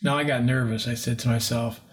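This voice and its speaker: A man's voice: medium pitch, steady tone, brisk. A man in his sixties, a paranormal investigator, telling a rambling story in an interview and acting out the people he quotes. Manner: rambling, acts out quoted voices.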